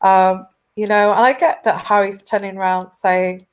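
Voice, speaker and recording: A woman giving a casual intuitive tarot reading, rambling with many halting restarts. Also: medium pitch, fairly even intonation, smooth. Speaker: tarot reader.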